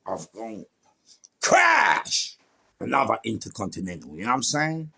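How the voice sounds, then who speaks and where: A man with a London accent telling a story in a casual, animated way, swearing freely and throwing in sound words and laughs. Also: fairly low pitch, quick pace, vocal fry, breathy edge. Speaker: former gangster telling his story.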